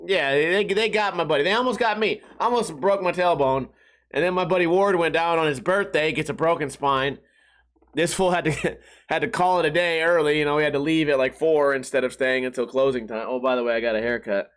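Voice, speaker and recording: Young man, slightly higher voice, casual podcast storytelling, swears a lot, laughs at his own jokes. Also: fairly quick, a bit bright. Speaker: podcast host.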